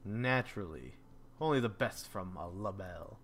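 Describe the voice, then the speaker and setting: A man voicing a snooty, aristocratic young male pigeon from a dating game, speaking in a lowered, haughty, aloof tone. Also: expressive, normal speed, fairly bright tone, slight background noise.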